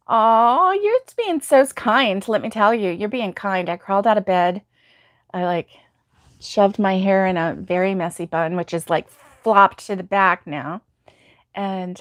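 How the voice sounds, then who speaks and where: A drowsy, yawning woman with a mid-range voice runs a relaxed crochet live stream, reading the chat and greeting viewers by name amid plenty of ums and laughter. The sound is dry and studio-clean.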